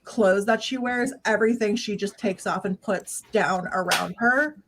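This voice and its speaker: A woman's voice: medium pitch, unhurried. A woman taking part as a player in a tabletop game, talking through her character's actions with many fillers and restarts. There is a faint noise under her voice. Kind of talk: casual tabletop play.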